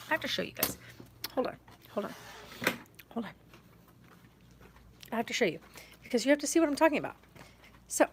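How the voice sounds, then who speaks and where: A woman chats to camera on a handheld phone inside her small shop, exasperated yet talkative, frequently laughing and stressing her points. She has a fairly high, slightly bright voice, captured in a low-quality recording with some hiss or hum.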